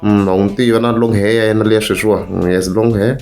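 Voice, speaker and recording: A man's voice: lowish voice, fairly even intonation, fast, creaky, darkish tone, soft background music. A man, mixing English and Tsonga as he comments casually while scrolling through social media posts, humming and musing aloud. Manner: mixes English and Tsonga, hums and muses aloud. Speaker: entertainment commentator.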